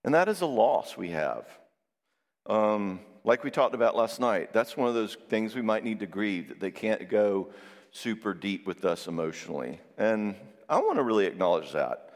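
A man giving a Christian marriage seminar. He talks in a conversational way, tags his points with "all right?" and tells lively personal stories. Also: on the low side, moderate pace. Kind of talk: live seminar talk to an audience. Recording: long reverb in a large hall.

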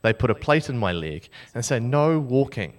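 A young man from New Zealand preaching a sermon as a lively, self-mocking story. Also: fairly low pitch, brisk.

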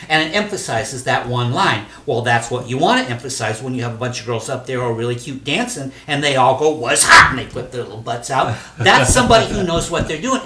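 An older man, a poet and teacher, talking casually in an animated, profane way and laughing often. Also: medium pitch, recorded from a distance. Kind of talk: casual conversation. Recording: echoey room, off-mic, faint noise.

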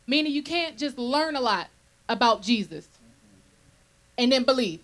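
Woman minister, conversational preacher; animated, chuckles between points, slightly high voice. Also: normal speed, long pauses, low-quality recording. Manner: animated, checks in with listeners often. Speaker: minister leading a Bible study.

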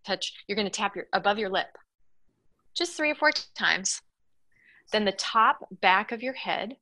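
A woman guiding listeners step by step through a tapping exercise, pausing often with a reassuring "okay". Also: mid-range voice, pushed and bright. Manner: slow, step-by-step coaching with frequent "okay". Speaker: guest teacher. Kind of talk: guided tapping instruction.

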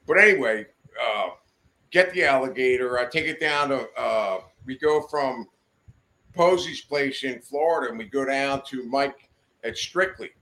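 Podcast guest, male, bright edge, animated and foul-mouthed, acts out voices in his tale. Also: mid-range voice, a little slow. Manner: profane, animated, acts out every voice. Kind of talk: casual storytelling. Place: podcast studio.

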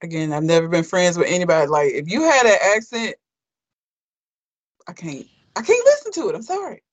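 A person from Alabama chatting casually in a relaxed, measured way. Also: mid-range voice, dry recording. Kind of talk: casual chat.

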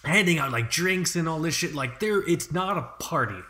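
Young man, podcast host, casual rant, swears a lot, animated. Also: a little high, normal speed, slight background noise. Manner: profane, ranting, animated. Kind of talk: casual chat.

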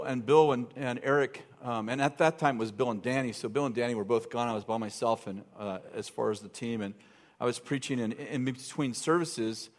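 A middle-aged man preaching in a church, telling a funny story in a rambling, self-interrupting way with lots of fillers. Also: medium pitch. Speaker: pastor. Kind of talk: sermon storytelling. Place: church sanctuary.

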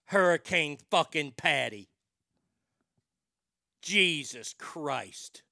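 A man's voice: a little high, animated, extremely slow, vocal fry, dry recording, clean studio sound. A man hosting a show, delivering a profane comic rant with mock outrage. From Texas. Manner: ranting, profane, mock outrage with loud outbursts. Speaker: radio show host. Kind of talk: comedic rant.

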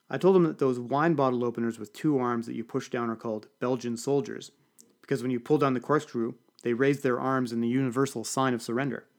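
A man's voice: mid-range voice, steady tone, fairly quick. A man giving a dry, wry first-person audiobook narration.

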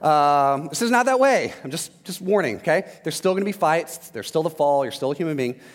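A man's voice: on the high side, lively intonation, a little fast. A man preaching a sermon, telling candid stories about his own marriage with humor. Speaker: pastor. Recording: long hall reverb.

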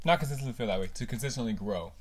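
A woman's voice: extremely low pitch, racing, slightly rough. A woman in her twenties co-hosting a podcast, joking, laughing often and swearing in casual chat. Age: 20s. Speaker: podcast co-host.

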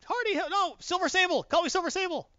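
A man voicing a vain, flustered female mercenary leader in a shrill, squealing falsetto while retelling a comic. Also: quick pace, sharp tone, no echo, lo-fi sound.

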